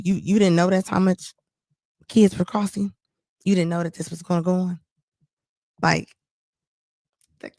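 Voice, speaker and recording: A woman with a gravelly, fry-edged voice speaks as a commentary host. She scolds bluntly and repeats lines for emphasis. The sound is close and dry. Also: on the low side, a little mellow, no echo. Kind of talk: reaction commentary on a live stream.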